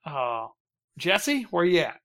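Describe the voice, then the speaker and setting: A man's voice: fairly high pitch, big pitch swings, slow, vocal fry, sharp tone. Rambling laughing man hosting a podcast. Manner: rambling, laughing, swearing, lots of ums. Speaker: podcast host running a bracket vote. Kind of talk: casual chat.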